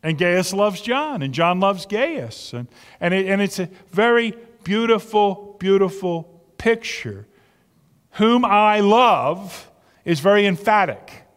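Earnest preacher in a reverberant hall. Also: male voice, high voice, sing-song, measured pace, clear, resonant tone. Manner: earnest, conversational preaching with repeated words. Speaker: pastor. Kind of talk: sermon. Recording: long reverb of a large hall.

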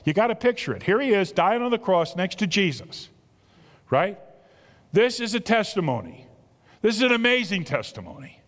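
A man with a South Jersey accent preaching a sermon, animated and exclamatory, full of rhetorical questions. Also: high voice, moderate pace, big-room sound. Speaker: pastor.

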